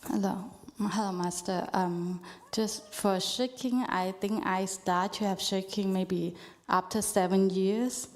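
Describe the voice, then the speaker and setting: Brief Female student asking a question, slow and halting, mid-pitched. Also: steady tone, darkish tone, slight background noise. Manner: hesitant, halting.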